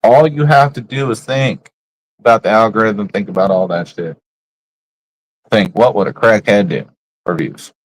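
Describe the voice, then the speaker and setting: A man with a low voice rants live to his stream in blunt, profane slang. His talk is casual and full of trash talk. The sound is dry and close, with no room echo. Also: normal speed, pauses often. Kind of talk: casual livestream rant.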